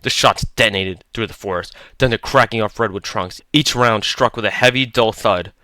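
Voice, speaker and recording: Bright, crisp male horror narrator. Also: fairly low pitch, normal speed, no echo. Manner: tense, clipped dramatic delivery. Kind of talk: dramatic horror story narration.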